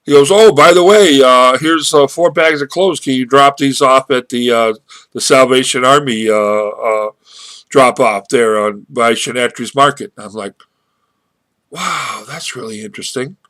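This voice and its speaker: A man's voice: medium pitch, fairly bright tone, dry recording. A man talking casually into his webcam, rambling and restarting his sentences as he tells a story and draws a marketing lesson from it. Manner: rambling, halting with many restarts. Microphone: webcam microphone.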